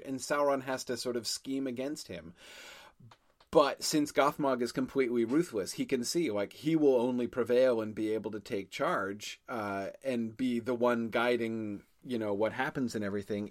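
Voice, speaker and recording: A man's voice: mid-range voice, moderate pace, no room sound, clean studio sound. A man co-hosting a casual discussion, thinking aloud in long rambling runs full of fillers and restarts. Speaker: podcast co-host.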